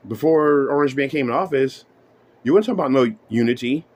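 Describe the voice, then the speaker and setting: A man's voice: medium pitch, expressive, fast talker, darkish tone. Man ranting casually to camera. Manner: profane, emphatic, repeats "you know what I'm saying". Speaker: vlogger.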